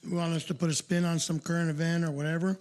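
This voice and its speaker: A man's voice: a little high, flat delivery, fast talker, a little mellow. A man co-hosting a podcast in loose, profane casual chat, often laughing. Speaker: podcast co-host.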